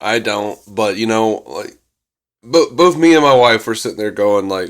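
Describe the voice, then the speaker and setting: A man's voice: fairly low pitch, expressive, moderate pace. A man co-hosting a podcast in casual review chat, blunt and mocking, often laughing. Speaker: podcast co-host.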